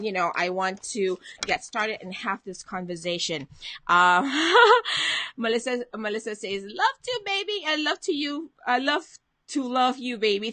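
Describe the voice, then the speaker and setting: A woman's voice: mid-range voice, pushed and bright, no echo. A woman hosting a motivational live stream from home, chatting casually, greeting viewers by name and reading out their comments.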